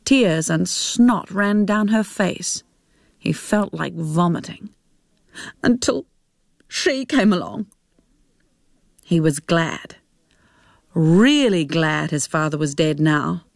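A woman's voice: low-pitched, takes it slowly, creaky, no room sound, studio quality. A woman reading a novel aloud, narrating steadily. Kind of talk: audiobook narration.

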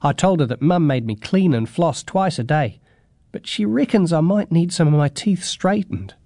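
A man's voice: fairly high pitch, lively intonation, normal speed, mellow, no echo, clean studio sound. Man reading as an easygoing young boy. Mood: relaxed.

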